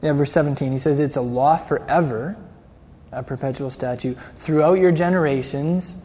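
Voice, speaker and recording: Male preacher, chatty sermon, dark mellow tone, slightly high voice, long hall echo. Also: normal speed. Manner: conversational, tags lines with "eh?" and "right?". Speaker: pastor.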